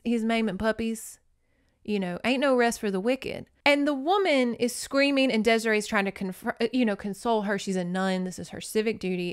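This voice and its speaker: Smooth-voiced woman joking through a book recap. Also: a little high, a bit bright. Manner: playful, joking, dramatic asides. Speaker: podcast host. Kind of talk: casual book recap and reading aloud.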